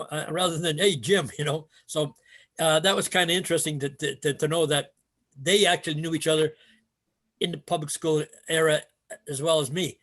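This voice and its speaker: This older Canadian, once a martial arts instructor and now retired, tells stories fairly quickly in a steady, slightly bright voice on the high side. The interview is casual, and his telling meanders with many fillers and restarts.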